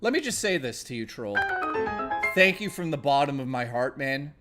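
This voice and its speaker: A man's voice: mid-range voice, big pitch swings, moderate pace, over loud music. A man live-streaming, talking emotionally and rambling, stammering and swearing, close to tears. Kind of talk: casual live-stream chat.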